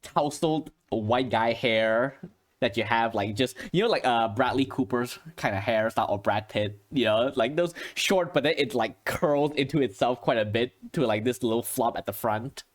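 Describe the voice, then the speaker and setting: A man narrating as game master, rambling with lots of fillers and soft chuckles. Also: medium pitch, normal speed.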